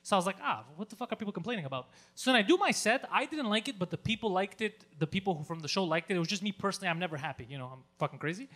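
A man telling a story on a podcast in a casual, animated way, swearing a lot and acting out his own yelling. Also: high-pitched, racing, hardly any pauses. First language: Greek. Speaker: podcast co-host.

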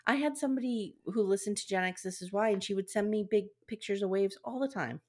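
A woman's voice: medium pitch, fast, a little mellow. A middle-aged woman hosting a podcast, chatting casually, teasing playfully and laughing easily. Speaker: podcast host. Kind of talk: casual chat.

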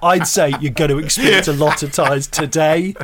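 A man's voice: on the high side, normal speed, a bit bright. A man co-hosting a casual comedy chat, riffing with dry humor.

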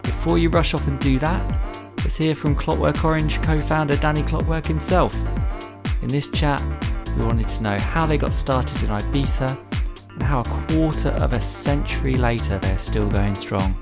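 A man's voice: on the high side, moderate pace, vocal fry. A man hosting a podcast, reading a scripted intro in an upbeat, enthusiastic way. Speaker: podcast host. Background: music.

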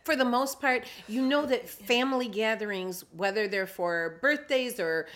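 A woman co-hosting a casual podcast chat, telling stories in an emphatic, animated way. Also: fairly high pitch, a little slow. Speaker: podcast co-host.

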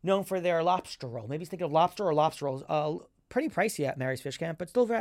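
A man chatting as a guest, telling his own stories at a quick, animated, self-promoting pace. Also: on the high side, dry recording. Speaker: foodie magician guest. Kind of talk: casual chat.

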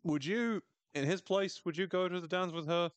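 A man's voice: sits high, normal speed, no echo. A man hosting a podcast, recapping a TV episode in a wry, chatty way with frequent laughs. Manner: wry, chatty, laughs often, quotes characters in funny voices. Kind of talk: casual chat.

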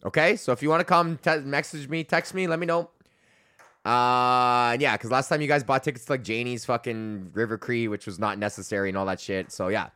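A young man hosts a solo comedy podcast, telling stories in a loose, profane ramble. His voice sits at a middle pitch, and he laughs often as he goes. He keeps breaking into quick mock voices for the people in his stories. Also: steady tone, bright, forceful tone, clean tone. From Canada.

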